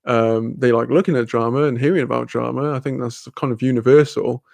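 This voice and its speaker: A man's voice: mid-range voice, steady tone, fairly quick, creaky, darkish tone, no room sound. A man hosting a livestream, casually reading the chat aloud, laid-back, laughing often and swearing freely. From Wales. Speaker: livestream host.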